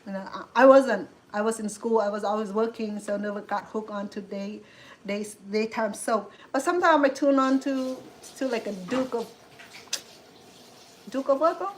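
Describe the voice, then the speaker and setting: A woman's voice: fairly high pitch, normal speed, slight background noise, poor audio. A middle-aged woman with a Cambodian accent, chatting casually as a cooking show host, rambling with many restarts and fillers. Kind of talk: casual chat.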